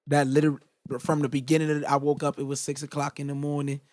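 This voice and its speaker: Young male guest, slightly higher voice, casual storyteller with loose profane slang, acts out dialogue. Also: completely flat delivery, fast, darkish tone. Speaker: guest musician.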